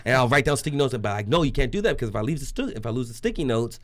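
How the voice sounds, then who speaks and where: Animated storytelling man. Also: mid-range voice, very fast. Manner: laughs often. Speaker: interview guest. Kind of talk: casual storytelling interview.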